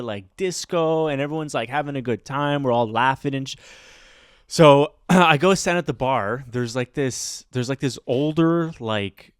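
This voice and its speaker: A man's voice: fairly high pitch, clear, resonant tone, no room sound, clean studio sound. Rambling man telling a story. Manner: rambling, filler-heavy, animated retelling. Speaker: podcast host. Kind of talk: casual storytelling chat.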